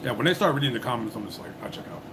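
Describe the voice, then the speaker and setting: Against a noisy background, a man with a mid-range voice and lively intonation talks at a racing pace while hosting a live call-in stream. The chat is casual, and he is blunt, impatient, and curses often with callers.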